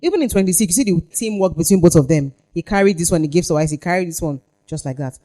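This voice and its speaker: A woman's voice: fairly low pitch, expressive, very fast, warm tone. A woman leading a parenting workshop, reading scripture aloud and pressing the audience with questions. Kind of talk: workshop teaching with Bible reading.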